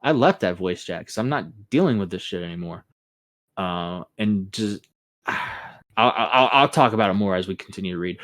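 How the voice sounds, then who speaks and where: A man's voice: sits low, lively intonation, moderate pace, fairly bright tone. A man hosting a podcast, talking bluntly and with a lot of swearing, sounding exasperated. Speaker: podcast host. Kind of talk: casual podcast chat.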